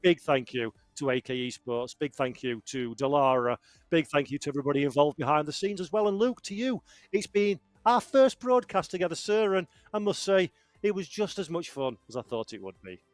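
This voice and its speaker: A man's voice: on the high side, expressive, dry recording, soft background music. Upbeat esports commentator, man. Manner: upbeat, brisk, hands off segments. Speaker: lead commentator.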